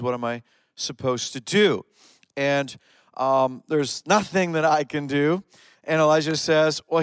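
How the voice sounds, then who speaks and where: A man's voice: fairly high pitch, clean tone, no room sound. A man preaching a sermon, retelling stories and pressing his points with rising emphatic questions. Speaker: pastor.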